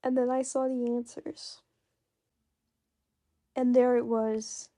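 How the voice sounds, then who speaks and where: Brief: high-pitched woman, non-native English, animated self-mocking storyteller who laughs a lot. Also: takes it slowly. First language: not English. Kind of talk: casual storytelling narration.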